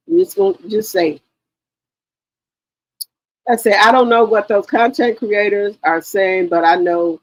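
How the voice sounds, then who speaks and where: A woman's voice: lowish voice, a little slow, no room sound, dull audio. A woman hosting a gossip channel in casual livestream commentary, talking straight to her viewers with heavy swearing.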